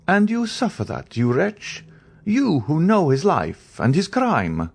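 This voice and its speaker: A man's voice: fairly high pitch, wildly swooping pitch, takes it slowly, gravelly, darkish tone, breathy edge, pitched above the performer's own voice, full character voice. A man voicing a stern, commanding priest. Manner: imperious, interrogating. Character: stern commanding priest in disguise, male, middle-aged.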